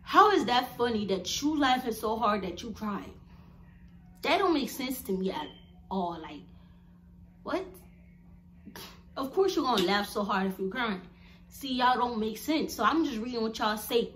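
A woman's voice: on the high side, measured pace, pauses often, a little hiss or hum. Sassy, laughing young woman vlogger. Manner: animated, laughs often, sassy and blunt. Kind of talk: casual storytelling to viewers.

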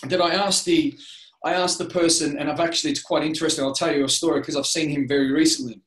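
A man's voice: on the high side, fairly even intonation, quick pace, a bit bright. A middle-aged Australian man telling his life story as an interview guest, earnest and rambling, with many restarts. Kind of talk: candid personal storytelling. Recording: roomy echo.

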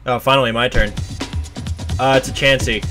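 A man's voice: mid-range voice, flat delivery, normal speed. A man streaming a video game, reacting casually with lots of swearing in a sleepy, mumbling way. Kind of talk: casual gameplay commentary. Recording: game music playing behind.

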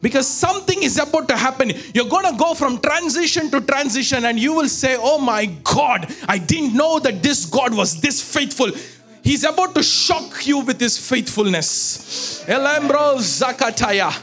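A man preaching a prophetic sermon, fervent and shouting, speaking in tongues. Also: very high voice, expressive, moderate pace, faint music behind.

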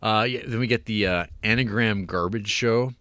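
A man's voice: lowish voice, normal speed, a bit bright, smooth, dry recording. Brief: male co-host, mocking casual tone, dry close sound. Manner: rambling, wry, lots of fillers and mocking. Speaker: podcast co-host. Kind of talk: casual film review chat.

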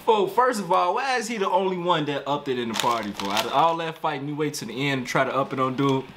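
An excitable man comments casually on a music video, full of slang and talking right to his audience. His voice sits at an ordinary middle pitch, with a faint hum of room ambience behind him. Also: fast. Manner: excitable, slangy, talks straight to viewers. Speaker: music reaction channel host.

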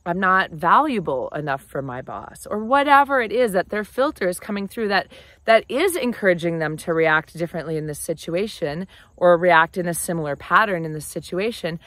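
A woman hosting a casual advice talk to camera, conversational and animated. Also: lowish voice, fairly quick, dry recording. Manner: animated, conversational, often acts out quoted phrases. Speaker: relationship advice host.

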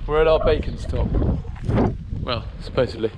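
A man's voice: mid-range voice, moderate pace, noisy background. A young man from England vlogging a long all-night charity walk outdoors, tired and self-mocking, chatting into a handheld camera. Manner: tired, self-mocking, laughing between remarks. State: weary from walking all night. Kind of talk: casual walking vlog. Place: outdoors on a coastal route.

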